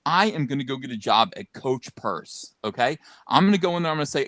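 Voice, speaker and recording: A man co-hosting a podcast, ranting in a loud, mocking, animated way with sarcastic asides, into a studio mic. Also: mid-range voice, a little fast, hardly any pauses, dry recording. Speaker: podcast co-host. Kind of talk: casual ranting commentary.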